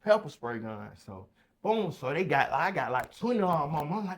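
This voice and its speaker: A young man telling a story casually on a podcast, acting out voices with sudden loud high bursts. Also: huge pitch swings, normal speed, creaky.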